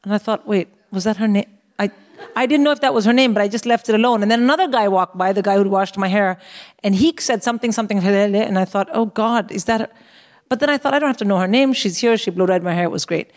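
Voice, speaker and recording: A woman in her forties co-hosting a live comedy show, telling a wry, animated story and swearing freely on a stage. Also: medium pitch, fast talker. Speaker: co-host. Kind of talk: comic storytelling to a live audience.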